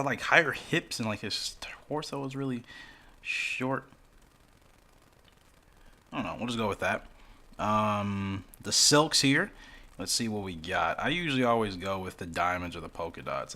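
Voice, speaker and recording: A man's voice: on the low side, gravelly, bright, forceful tone. A man casually commenting as he plays a mobile game for his channel, rambling along with self-deprecating asides. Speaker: gaming YouTuber.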